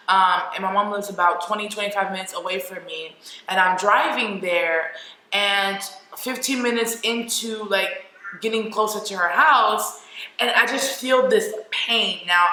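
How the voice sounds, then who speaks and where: Bright young woman telling a story. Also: mid-range voice. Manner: candid, emotional, frequent "like" fillers. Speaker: vlogger. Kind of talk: personal storytelling to camera. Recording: echoey room with faint noise.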